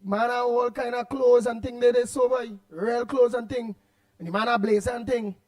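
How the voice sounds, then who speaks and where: A man's voice: very high-pitched, little pitch movement, moderate pace, a little mellow. A man hosting a call-in show in a Trinidadian accent, telling stories in Creole with lots of repeated words. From Trinidad and Tobago. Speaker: host. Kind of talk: call-in radio talk.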